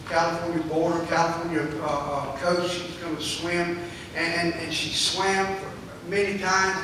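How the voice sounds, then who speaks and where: High, bright-voiced preacher in echoey church. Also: male voice, background noise. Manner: preaching with swelling, shouted climaxes. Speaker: pastor. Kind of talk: sermon. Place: church sanctuary. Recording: echoey church hall, mic far off.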